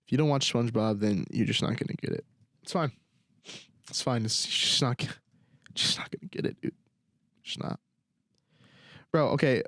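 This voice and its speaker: A man's voice: medium pitch, moderate pace, pauses often, a bit bright, no echo. Young male podcast host, casual sarcastic ranter, medium voice, dry recording. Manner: slangy, repeats "dude" and "bro", sarcastic. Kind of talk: solo casual rant.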